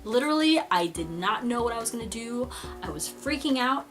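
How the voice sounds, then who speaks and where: Brief: giggly, excitable woman telling a story time, slightly high and very bright, faint music behind. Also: brisk. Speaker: vlogger.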